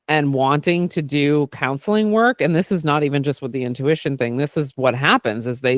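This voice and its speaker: A man talking in a casual podcast chat, candid and animated, with a fairly high voice. He swears freely and tucks "like" and "right?" into almost every thought. The sound is close and dry. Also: no echo. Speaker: podcast host and therapist doing intuitive work.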